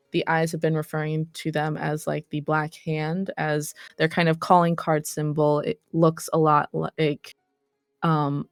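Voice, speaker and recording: A woman's voice: low-pitched, clear, resonant tone, dry recording, studio quality. A woman running a tabletop role-play game, recapping the last session casually with many ums and self-corrections. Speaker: game master.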